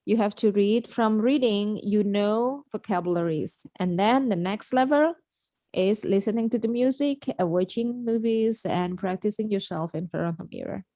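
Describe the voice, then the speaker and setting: A woman's voice: medium pitch, moderate pace, dark tone, dry recording. A woman hosting a casual podcast on learning English. She explains things simply and repeats her key points. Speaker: podcast host and English teacher.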